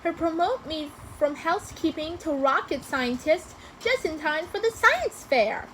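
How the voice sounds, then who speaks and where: A woman voicing a cheerful, literal-minded housekeeper who talks in bright, eager exclamations for a storybook reading. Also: very high-pitched, animated, a little slow, a little hiss or hum, pitched above the performer's own voice, exaggerated voice, low-quality recording.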